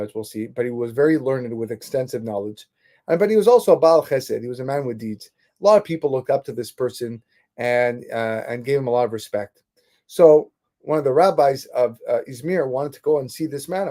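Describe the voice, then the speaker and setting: A man teaching a Torah class as a rabbi, retelling stories in an animated way with frequent restarts. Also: medium pitch.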